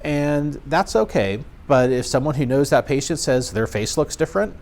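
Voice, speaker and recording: A man's voice: medium pitch, animated, moderate pace, darkish tone. A man teaching field medics how to recognize stroke in a conversational lecture, upbeat and plain-spoken, with occasional fillers and wry asides. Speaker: EMS physician instructor. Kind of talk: training lecture.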